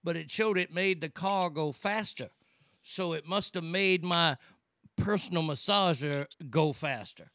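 A man's voice: fairly high pitch, a little slow, sharp tone, no room sound. Guy doing a bumbling crank caller w a lisp, mock serious, stumbling over words. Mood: mock-earnest. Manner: mock-earnest, rambling complaint with stumbles. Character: male prank caller with a chipped-tooth lisp.

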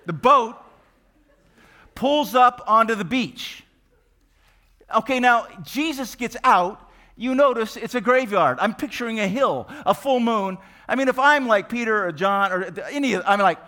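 A male pastor delivering a sermon, telling the story with animated energy and acting out the scenes. His voice sits a little high and rings bright and forceful. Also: moderate pace.

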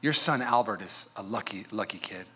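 A man voicing a woman shopper who speaks softly with admiration. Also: on the low side, normal speed, breathy edge, voice pushed down, heavily acted. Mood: admiring.

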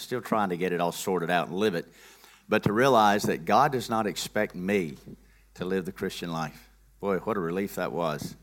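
A low-voiced man delivers an earnest sermon. He speaks in a folksy, emphatic way. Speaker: preacher.

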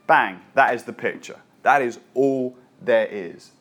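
A man's voice: mid-range voice, measured pace, fairly bright tone. A man preaching a sermon as a pastor, reading scripture and then talking in a casual, joking, conversational way.

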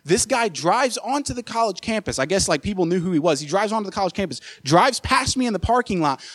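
A young man tells a story from the pulpit, animated and chatty, with many uhs and restarts. His voice sits a little high for a man. He speaks into a microphone in a church sanctuary. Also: fast talker. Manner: animated storyteller, filler uh, repeated words. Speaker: associate pastor. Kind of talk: sermon with personal story.

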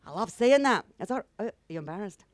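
A woman's voice: mid-range voice, animated, brisk. Woman in a mock Russian accent. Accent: put-on mock Russian accent. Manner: bawdy, self-mocking, laughs through her lines. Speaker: stand-up comedian. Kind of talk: comic chat interview on stage.

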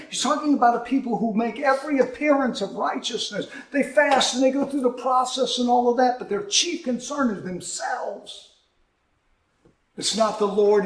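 A man preaching with an impassioned delivery, his voice rising high and then dropping low. He sits fairly high for a man and is picked up from a distance. The room around him is echoey. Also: slight background noise. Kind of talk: sermon.

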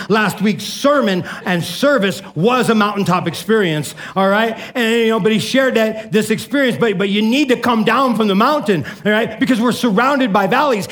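A man preaching a sermon as pastor, casual and energetic, calling people "man" and shouting out his key points. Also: sits high. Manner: casual, peppers speech with "man".

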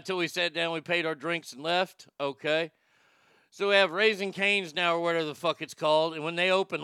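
A man's voice: on the high side, vocal fry, sharp tone, clean tone, dry recording, clean studio sound. A middle-aged man, rambling casually and profanely as he reads from a chat. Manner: profane, folksy, rambling with restarts. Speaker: livestream host reading chat.

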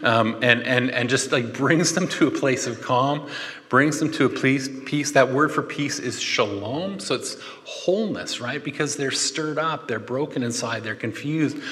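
Chatty pastor in a reverberant hall. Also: male voice, medium pitch, unhurried. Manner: animated, chatty, jokey asides with laughs. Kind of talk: conversational sermon.

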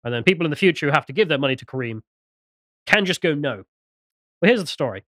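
A man's voice: a little high, expressive, rapid-fire, a bit bright, dry recording, studio quality. A British man co-hosting a podcast, reading out news stories with mocking, sarcastic commentary. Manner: mocking, sarcastic, swings into jokey mimicry.

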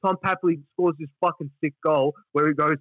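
A man's voice: on the high side, brisk, no echo, highs cut off. A man with an Australian accent co-hosting a casual sports podcast, sweary and mocking. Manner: sweary, mocking, mimics players in flat voices. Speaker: podcast co-host.

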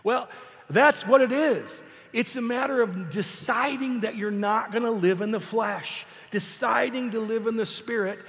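A middle-aged pastor with a notably high voice delivers a lively sermon. He punches key phrases loudly, then drops into quiet, conversational asides. His voice carries a long reverb, as in a large church hall. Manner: animated preaching, swings between loud emphasis and soft asides. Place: church sanctuary.

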